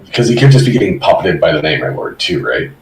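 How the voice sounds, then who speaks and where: A man's voice: low-pitched, sing-song, quick pace, a little hiss or hum. A man playing a tabletop game, asking questions and thinking aloud, recorded in an echoey room from far off.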